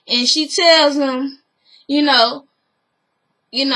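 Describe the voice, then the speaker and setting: Brief: a woman vlogger with a high, bright voice, talking through a show recap in a chatty, opinionated, gossipy way. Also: fairly even intonation, slow pace, long pauses, poor audio. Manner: chatty, opinionated, full of "you know" fillers.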